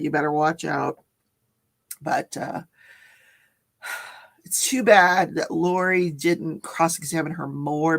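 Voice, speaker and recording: A woman's voice: lowish voice, vocal fry. A woman hosting a casual livestream, chatting about a court case, laughing often and greeting viewers in the chat. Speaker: livestream host.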